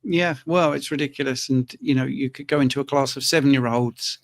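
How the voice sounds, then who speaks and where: A man's voice: medium pitch, brisk. A man hosting a live Q&A, chatty and teasing his guest. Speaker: host. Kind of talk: live Q&A chat.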